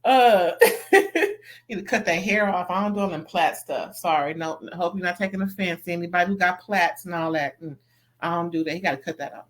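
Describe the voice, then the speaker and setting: A woman whose voice sits on the low side briskly recaps a reality TV episode in a casual, gossipy, slangy way, laughing frequently between comments.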